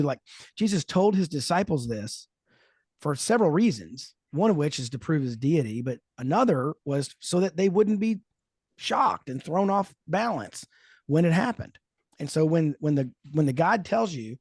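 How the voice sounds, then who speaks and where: A man hosting a faith-based parenting talk show, telling stories in a thoughtful, animated way. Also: a little high, moderate pace, breathy edge, no echo, clean studio sound. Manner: thoughtful, storytelling, lively emphasis. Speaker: podcast host. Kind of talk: casual chat.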